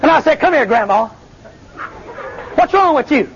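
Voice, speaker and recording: Male preacher, high pitch, lively revival delivery, dull lo-fi recording. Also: moderate pace, vocal fry, long pauses, crowd noise, background noise. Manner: animated, calls to the congregation, Southern. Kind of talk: revival sermon with testimony.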